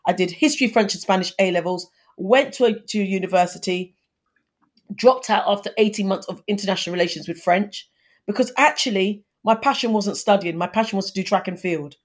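A woman's voice: mid-range voice, brisk. A woman in her fifties, a guest in an interview, talking earnestly and giving advice, with frequent restarts. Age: 50s. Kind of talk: conversational interview.

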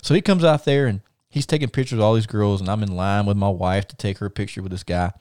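A middle-aged man hosts a casual chat, telling an animated story with lots of stammered restarts. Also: on the low side, fast talker, no room sound, clean studio sound. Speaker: podcast host.

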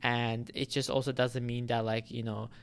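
Smooth-voiced man rambling casually. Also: medium pitch, level tone, normal speed. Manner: rambling, many fillers and restarts. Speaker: YouTuber. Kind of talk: casual vlog talk to camera.

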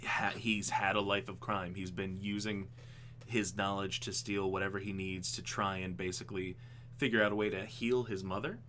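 A man co-hosting a casual podcast, talking animatedly about a film adaptation, with frequent ums and quick laughs. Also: low voice, flat delivery, pushed and bright, slight background noise. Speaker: podcast co-host.

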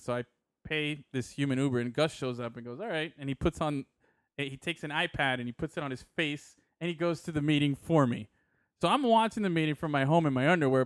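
A man's voice: on the high side, fairly bright tone, clean tone, no room sound, clean studio sound. A man co-hosting a casual talk show, joking loosely and often stumbling over repeated words. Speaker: podcast co-host. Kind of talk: casual chat.

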